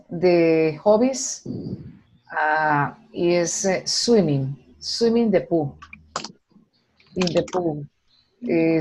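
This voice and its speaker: A woman's voice: fairly low pitch, a little mellow, low-quality recording. A woman, an adult student answering in English, hesitant and searching for words.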